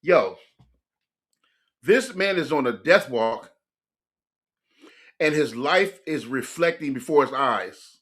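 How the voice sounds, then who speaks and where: Excitable man reacting to music. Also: fairly high pitch, takes it slowly, long pauses. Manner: excitable, laughing, talks straight to viewers. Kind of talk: casual reaction commentary.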